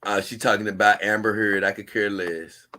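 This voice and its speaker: A man's voice: lowish voice, fairly even intonation, normal speed, pushed and bright. A man, hosting a casual show, rambling and chuckling as he reads posts aloud to his viewers. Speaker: host.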